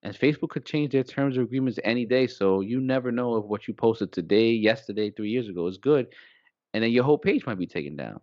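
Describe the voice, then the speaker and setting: A man co-hosting a small podcast, talking casually and rambling, getting animated when he quotes people. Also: medium pitch, fast talker, no echo, lo-fi sound. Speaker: podcast co-host.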